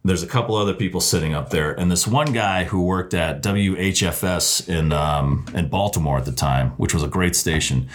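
Deep-voiced man telling a story casually. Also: moderate pace, hardly any pauses. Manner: loose and profane, with many fillers and restarts; acts out quoted people in lively voices. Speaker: radio host, podcast guest.

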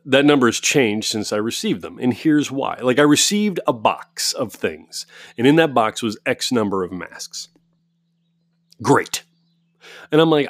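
An American man talks through a story on his own in a home studio, swearing freely and getting worked up as he rants. His voice sits in the middle of the male range. The room is dead and dry, with no echo. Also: medium pitch. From United States. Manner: profane, animated, ranting. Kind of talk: casual storytelling monologue.

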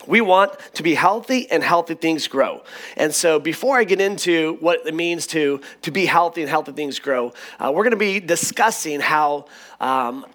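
A middle-aged man preaching a sermon as pastor, in a conversational, animated storytelling manner. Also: a little high.

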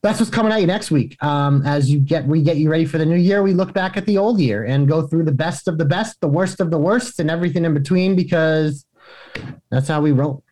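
A man's voice: on the high side, brisk, a little mellow. A man co-hosting a podcast in casual chat, teasing his co-host with dry wisecracks.

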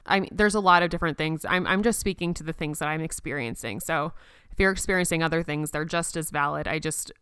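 A young woman hosting a personal podcast, speaking gently and reassuringly as she leads listeners through a slow counted breathing exercise. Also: low voice, smooth, no room sound, clean studio sound. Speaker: podcast host.

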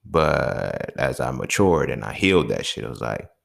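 A man hosts an unscripted solo podcast monologue in a rumbling low, sing-song voice with vocal fry at a moderate pace. He talks bluntly and profanely, often building into emphatic rants, and keeps checking in with the listener.

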